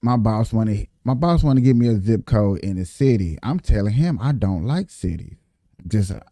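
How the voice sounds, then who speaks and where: Man, casual storytelling, animated, repetitive, mellow low tone, dry close sound. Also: normal speed, dry recording. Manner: animated, repeats himself, addresses viewers as y'all. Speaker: vlogger telling a work story.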